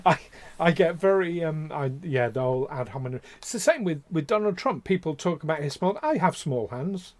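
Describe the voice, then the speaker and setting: Impassioned man with a fairly high voice. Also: animated, normal speed, no room sound. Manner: impassioned, ranting, lots of fillers and restarts. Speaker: podcast co-host. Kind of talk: casual podcast chat.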